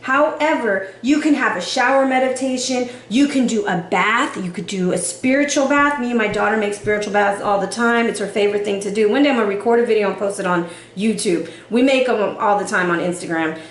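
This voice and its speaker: A woman giving a casual tarot reading, animated and sassy, with casual swearing. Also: mid-range voice, fairly quick, few pauses, reverberant. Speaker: tarot reader.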